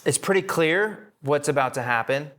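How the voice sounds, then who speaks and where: A man's voice: a little high, lively intonation, normal speed, sharp tone. A man teaching a Bible study to a live group, talking casually and acting out the characters' lines in everyday slang.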